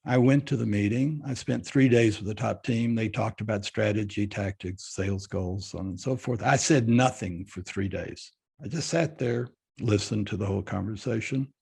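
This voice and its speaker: An older man from Fort Worth, Texas, with a fairly low, creaky, husky and slightly mellow voice, talks at a moderate pace. As a guest in a storytelling interview, he tells his tale bluntly and acts out both sides of the dialogue.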